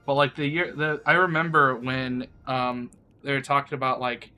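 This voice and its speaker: A man's voice: medium pitch, little pitch movement, normal speed, pushed and bright, soft background music. A sick man streaming live, rambling crudely in casual chat and laughing often.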